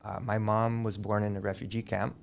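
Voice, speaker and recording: A middle-aged man, a high school teacher, chatting as a guest on a school podcast and telling long, digressive stories. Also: flat delivery, fairly quick, vocal fry. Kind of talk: casual interview chat.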